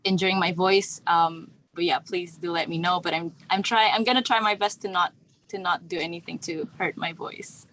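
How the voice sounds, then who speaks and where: A woman's voice: on the low side, fairly even intonation, moderate pace, a bit bright, a little hiss or hum, rough recording. Hesitant woman, recovering from a sore throat. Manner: hesitant, polite, many fillers. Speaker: workshop participant. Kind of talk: casual talk on a video call.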